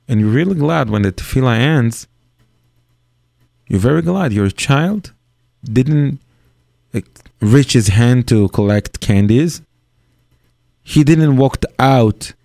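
Gravelly rabbi teaching in slow earnest English. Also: male voice, lowish voice, a little mellow, dry recording, studio quality. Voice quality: non-native English grammar. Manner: earnest, acts out parent and child in dialogue. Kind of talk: Torah lecture on parenting.

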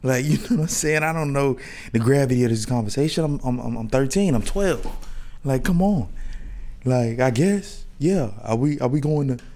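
A man's voice: medium pitch, a little fast, darkish tone. Slangy man in his thirties, rambling podcast talk. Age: 30s. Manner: loose, slangy storytelling with many restarts. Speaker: podcast host. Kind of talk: casual monologue.

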